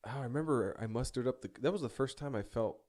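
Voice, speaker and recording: A man's voice: medium pitch, fast talker, darkish tone. A young man telling a personal story in a rambling, self-deprecating way, swearing casually and stumbling through many restarts.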